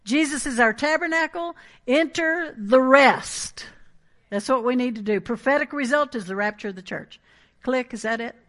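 High, bright-voiced woman preaching. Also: normal speed. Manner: animated, emphatic preaching with asides and laughs. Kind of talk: sermon.

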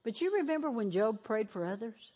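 A woman's voice: fairly high pitch, animated, a little fast, a little mellow, husky. A woman preaching a sermon in a church, moving between fervent exhortation and tearful emotion. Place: church sanctuary, televised.

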